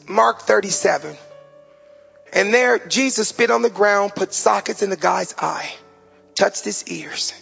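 Gravelly older man preaching in a hall. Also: high voice. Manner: preaching with emotional pauses, dropping soft on heavy moments. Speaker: pastor. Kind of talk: sermon. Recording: dull sound with long hall reverb.

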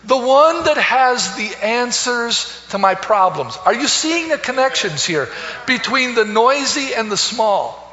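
High-voiced male preacher in an echoey hall. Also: sing-song, measured pace, hardly any pauses. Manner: swings between soaring loud calls and hushed low phrases, repeats words. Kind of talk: sermon. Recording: echoey hall, dull lo-fi sound.

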